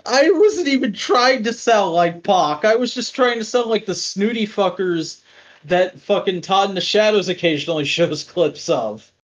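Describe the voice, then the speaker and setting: A man's voice: high-pitched, animated, normal speed. A man hosting a podcast in casual chat, loose and profane, who also edits the show. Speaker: podcast host. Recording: dull lo-fi sound.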